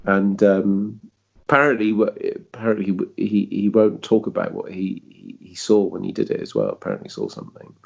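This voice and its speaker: A man's voice: fairly low pitch, expressive, fairly quick, vocal fry, husky, dull audio. A man with a southern English accent hosting a casual podcast chat, telling a story in a rambling, hesitant way and swearing freely. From south of England. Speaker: podcast host.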